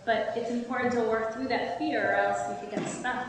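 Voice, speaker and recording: A woman's voice: on the high side, steady tone, a little fast. Earnest woman speaking in an echoey hall. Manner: earnest, explains with stories and examples, occasional restarts. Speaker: speaker on retirement transitions. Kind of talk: community talk with audience questions. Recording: echoey hall, distant mic, background noise.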